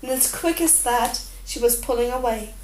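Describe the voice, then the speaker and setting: A woman narrating an audiobook in a steady, expressive storytelling manner. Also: a little high, moderate pace, slight background noise. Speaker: audiobook reader. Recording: roomy echo.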